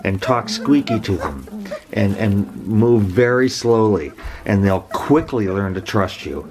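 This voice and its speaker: A man's voice: fairly low pitch, animated, measured pace, a little hiss or hum. A man who breeds dogs, talking casually to a handheld camera while sitting among puppies, rambling and restarting his words. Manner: rambling, repeats and restarts words, gently affectionate. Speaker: dog breeder. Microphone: handheld camera mic.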